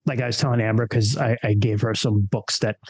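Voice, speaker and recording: A man's voice: fairly low pitch, fairly even intonation, a little fast, creaky, dry recording. A man acting as game master on a streamed tabletop game, chatting casually with many fillers and restarts; from upstate New York.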